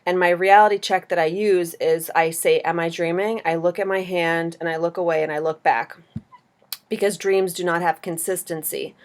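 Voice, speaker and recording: A woman's voice: lowish voice, steady tone, normal speed. A woman vlogger in casual chat, talking with many "like" fillers and acting out her own quotes. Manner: chatty, lots of "like" fillers, acts out quotes.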